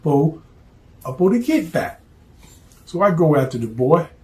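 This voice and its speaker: A blunt, streetwise man recounting a story in plain, profane talk. His voice sits a touch higher than most men's, and he keeps it casual and direct. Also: sing-song, measured pace, a little mellow.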